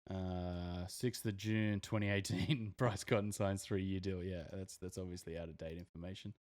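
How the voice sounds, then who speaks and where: A young Australian man with a very low, deep voice rambles through a casual podcast chat. He leans on fillers and restarts as he thinks aloud. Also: steady tone, normal speed, darkish tone. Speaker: podcast co-host.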